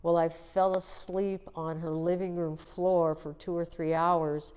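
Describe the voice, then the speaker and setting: A woman's voice: fairly low pitch, flat delivery, unhurried, darkish tone, clear, resonant tone. A woman in her sixties from the Seattle area, telling her life story as an interview guest in a candid, plain-spoken way. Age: 60s. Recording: dull, lo-fi sound with long reverb.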